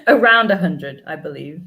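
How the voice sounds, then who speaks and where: A woman with a slightly low voice talks as a guest in an interview. She speaks hesitantly, fills her sentences with ums and likes, and laughs easily. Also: expressive, unhurried, crowd noise. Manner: hesitant, many fillers, laughs often. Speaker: comic artist guest. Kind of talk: casual interview chat.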